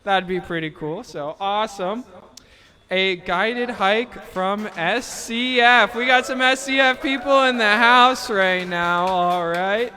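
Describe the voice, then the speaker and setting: A man with a very high, bright voice emcees a raffle in front of a live crowd at an event venue. He speaks slowly and teases the audience between prize announcements. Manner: joking, playful banter with the crowd.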